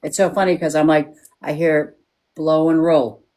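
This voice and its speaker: A woman's voice: deep voice, fairly even intonation, moderate pace, warm tone. A woman working as a psychic medium on a live stream, frank and checking in with yes-or-no questions.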